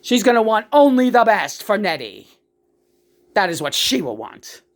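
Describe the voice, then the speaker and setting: A woman's voice: medium pitch, very animated, normal speed, natural voice. Older female ghost, fussy and soothing mother-in-law, put on by a woman. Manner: soothing, fussy kitchen advice.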